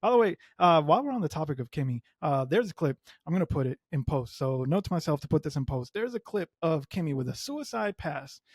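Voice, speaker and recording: A man hosting a solo motorsport podcast, a native Spanish speaker talking in English, animated and emphatic with strong opinions. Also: on the high side, fast talker, hardly any pauses, husky, no echo, clean studio sound. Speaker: podcast host.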